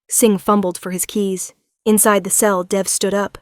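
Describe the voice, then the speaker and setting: A woman's voice: medium pitch, flat delivery, normal speed, no room sound. A woman narrating a suspenseful first-person audiobook. Her voice sits in a middle range and the sound is dry and close. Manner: tense first-person storytelling.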